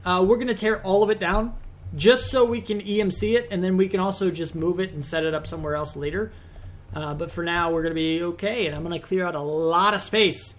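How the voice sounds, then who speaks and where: A man with a high, light voice talks casually over his gameplay. He rambles from one aside to the next and gets exasperated easily when things go wrong. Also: steady tone, a little fast. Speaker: let's play host.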